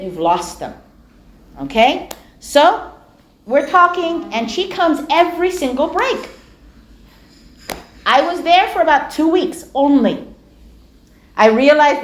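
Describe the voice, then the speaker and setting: A middle-aged woman giving a storytelling lecture, animated and acting out the dialogue of her anecdotes. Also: on the high side. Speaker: speaker giving a talk on dawah. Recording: echoey room.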